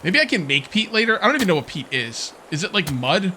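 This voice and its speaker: A man's voice: sits high, sing-song, quick pace, a little hiss or hum. A man casually commenting while playing a survival game, rambling and questioning himself, with hiccups. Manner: musing, rambling, self-questioning with soft laughs. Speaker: gameplay let's player.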